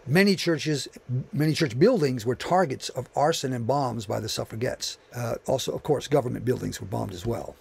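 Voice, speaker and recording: A man's voice: mid-range voice, vocal fry, a little mellow, slightly rough. A man giving a history lecture, reading passages aloud and breaking off for conversational asides. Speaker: channel host.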